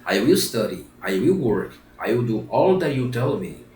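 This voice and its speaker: A man's voice: lowish voice, big pitch swings, moderate pace, a little mellow, slight background noise. A man voicing Pinocchio, a remorseful wooden puppet boy, earnestly repeating his promises in a storybook reading. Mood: eager. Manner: earnest, repeats phrases over. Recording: roomy echo, distant mic, faint music.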